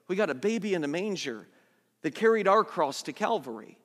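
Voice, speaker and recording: A man pastor preaching a sermon, swinging from soft, low lines to loud, urgent ones. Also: lively intonation, fairly quick, long reverb tail.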